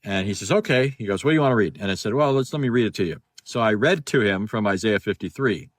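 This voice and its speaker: A man tells a story on a phone video call, in a relaxed, chatty way. He repeats himself often and acts out both sides of a conversation. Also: fairly low pitch, quick pace. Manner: chatty, repeats words, acts out quoted dialogue. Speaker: guest speaker. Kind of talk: casual storytelling in a live discussion.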